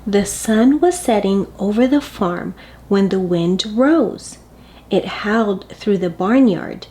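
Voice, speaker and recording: A woman hosting a children's story time, reading a picture book aloud in a playful, expressive way. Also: medium pitch, takes it slowly, a little hiss or hum.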